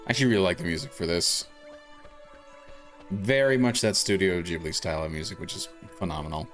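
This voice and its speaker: Low-voiced guy streaming a game, musing out loud, soft music faint in the back. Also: brisk. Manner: musing, thinking aloud. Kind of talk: gameplay commentary.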